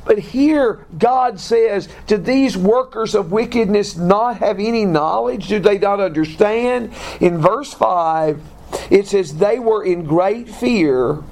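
A man teaching a Bible class, reading passages slowly and deliberately and putting questions to his students. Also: sits high, a little hiss or hum.

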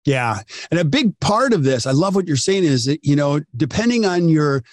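A man's voice: a little high, moderate pace, dry recording, clean studio sound. A man in his forties hosting a podcast interview, telling stories and acting out what people said. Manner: animated storyteller, acts out quotes. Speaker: podcast host.

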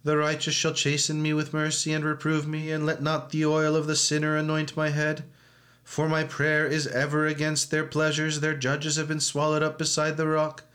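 Man reading psalms in a flat monotone. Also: on the high side, moderate pace. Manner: flat monotone recitation, chanting some verses. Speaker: reader at a church service. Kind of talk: liturgical reading and chanting.

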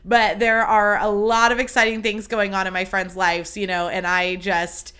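A woman's voice: mid-range voice, little pitch movement, normal speed, sharp tone, smooth. A young woman hosting her own podcast, chatting casually in a bubbly, gushing way and swearing freely. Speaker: podcast host. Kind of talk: casual solo podcast chat.

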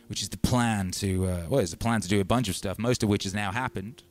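A man hosting a casual livestream, talking animatedly and swinging from loud shouts to low mutters. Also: fairly quick. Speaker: livestream host and musician.

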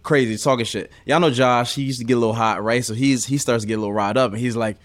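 A man's voice: medium pitch, fast talker, dry recording. A man co-hosting a casual sports podcast, a former college player who tells stories animatedly and keeps breaking into laughs. His voice sits mid-range and sounds dry and close to the mic. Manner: animated storyteller, acts out quotes loudly, laughs often. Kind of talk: casual storytelling chat.

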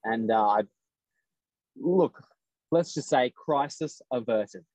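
A man's voice: medium pitch, slow pace, no room sound, rough recording. A man, a race driver telling a story in casual podcast chat and acting out the lines of others. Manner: animated storyteller acting out quotes.

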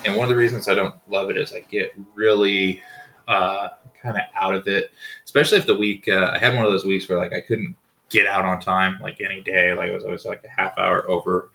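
Casual swearing man, bright tone. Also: low-pitched, flat delivery, brisk, gravelly. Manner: rambling, swears freely, many fillers. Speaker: podcast host. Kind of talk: casual storytelling monologue. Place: home with dogs barking nearby.

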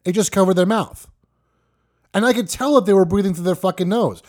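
A man hosting a podcast, yelling a profane, exasperated rant. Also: sits high, fairly quick. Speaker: podcast host. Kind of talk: ranting monologue.

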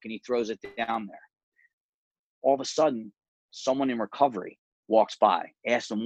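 A man in his forties, a martial arts gym owner, telling his story candidly as an interview guest, earnest and quick, often repeating words. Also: medium pitch, dry recording, lo-fi sound.

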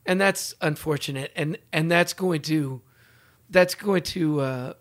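A comedian in casual podcast talk, insistent, often repeating and restarting himself. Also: male voice, a little high, measured pace. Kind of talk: casual chat.

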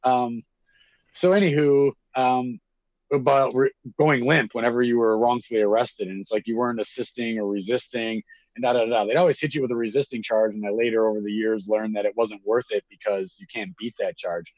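A man spins a long, rambling story in casual conversation and swears without a second thought. His voice sits at an ordinary pitch. The sound is close and dry, with slightly dull highs. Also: fairly quick, no room sound. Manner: rambling, animated, swears freely. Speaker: guest telling a story.

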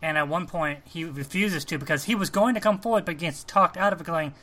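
A man co-hosting a casual talk show about films, animated and often restarting his sentences. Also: a little high, fairly quick. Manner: animated, restarts often, acts out quoted lines. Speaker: podcast co-host. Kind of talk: casual film discussion.

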